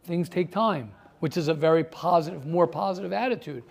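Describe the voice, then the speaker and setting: A man teaching a class fires rhetorical questions at his students and repeats himself, getting more heated as he pushes his point. His fairly high voice runs a little fast, with vocal fry and few pauses. Faint music plays in the background.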